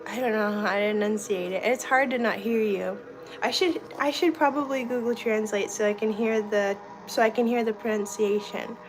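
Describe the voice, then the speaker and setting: A woman's voice: medium pitch, moderate pace, rough recording. A young woman chatting casually on a livestream from her kitchen, reading viewer comments and laughing easily. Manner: chatty, giggly, reads and answers viewer comments. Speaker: livestream host. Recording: clear music in the background. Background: music playing.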